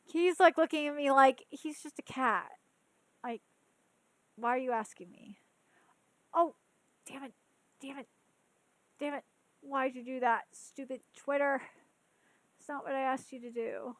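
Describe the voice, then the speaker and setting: A very high-voiced woman in her thirties rants about what annoys her, swearing freely and stopping to scold her cat. She sounds a little tipsy, and her voice is close and dry with no room echo. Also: a little slow, pauses often, a bit bright. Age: 30s. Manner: profane, exasperated, talks to her cat. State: tipsy from drinking. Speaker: podcast host. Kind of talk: casual ranting commentary.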